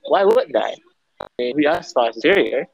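A man's voice: mid-range voice, lively intonation, normal speed, vocal fry, voice pushed down, low-quality recording. A man putting on a mock British accent to play a snooty, insulting British man in an improvised comedy skit. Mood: sneering. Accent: put-on British. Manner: sneering, taunting.

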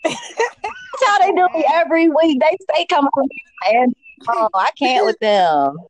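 A woman's voice: sits high, huge pitch swings, a little slow, poor audio. A woman co-hosting a casual chat, laid-back, with short replies. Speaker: podcast co-host.

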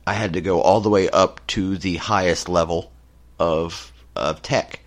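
A man with a low, deep voice chats casually on a podcast. He spins animated anecdotes and slips into the voices of the people in them. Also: a little slow. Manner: animated, acts out quotes in his anecdotes. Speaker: podcast co-host. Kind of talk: casual storytelling chat.

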